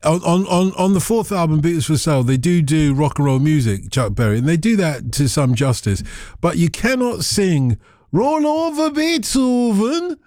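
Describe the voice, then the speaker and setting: A man hosts a radio phone-in in a playful, theatrical way, breaking into song now and then. His voice sits a little high, and the studio sound is close and dry. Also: animated, moderate pace, a little mellow, no echo. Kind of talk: casual radio chat.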